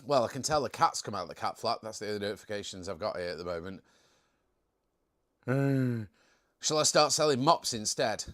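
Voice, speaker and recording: A man's voice: medium pitch, lively intonation, fairly quick, fairly bright tone. A young man hosting a casual live stream, chatting in a jokey way and reading out viewer comments.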